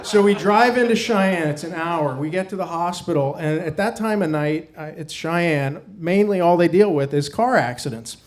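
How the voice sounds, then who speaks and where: Male storyteller, middle-aged, self-mocking, drops quiet and low at painful moments; stage mic. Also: normal speed, hardly any pauses, a little hiss or hum. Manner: wry, self-mocking, dropping low and quiet on hard parts. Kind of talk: live personal storytelling. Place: stage before a live audience. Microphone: stage microphone.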